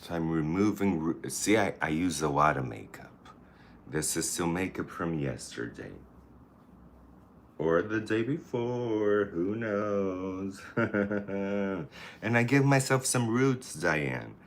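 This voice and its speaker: Low, slow-talking man chatting casually. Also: very animated, slight background noise. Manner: chatty, campy, talks to the camera and people nearby. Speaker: vlogger. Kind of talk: casual get-ready-with-me chat.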